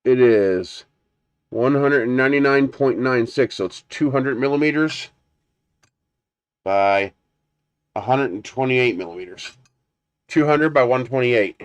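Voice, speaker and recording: A man's voice: medium pitch, a little slow, long pauses, smooth, no echo. A man hosting a live stream, chatting casually and rambling as he unboxes a printer and answers viewers. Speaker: 3D printing livestream host.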